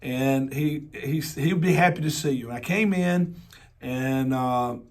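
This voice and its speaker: A pastor with a Southern accent preaches a personal, story-driven sermon, his voice hoarse from laryngitis. His pitch is medium and his pace a little slow, and his folksy delivery includes joking asides and repeated rhetorical questions.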